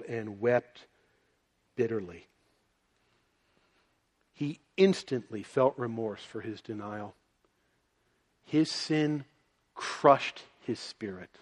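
A man preaching a sermon, moving between quiet, low passages and loud, emphatic ones. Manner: dynamic, swings from soft and low to loud and emphatic.

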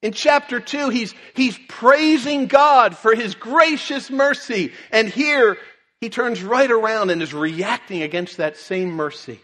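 A man's voice: extremely high pitch, unhurried, sharp tone. Man preaching in an echoing hall. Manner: earnest preaching, quoting scripture. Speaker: pastor. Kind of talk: sermon. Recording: long reverb in a large hall.

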